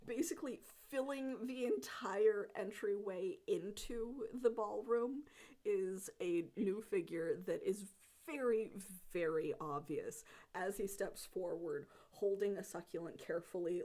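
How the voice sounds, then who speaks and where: A woman's voice: mid-range voice, measured pace, warm tone. A woman running a tabletop game as game master, laughing often through her narration.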